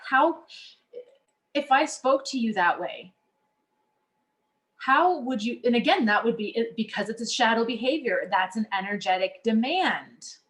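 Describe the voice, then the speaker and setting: A woman's voice: fairly high pitch, fairly bright tone. Woman, coach, casual teaching talk, earnest, conversational, frequent restarts and fillers.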